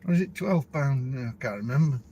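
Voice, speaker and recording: A man's voice: medium pitch, lively intonation, quick pace, warm tone, lo-fi sound, a little hiss or hum. A middle-aged man with a Yorkshire accent, a truck driver talking casually to camera in a rambling, chatty way. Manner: rambling, chatty, laughs between stories.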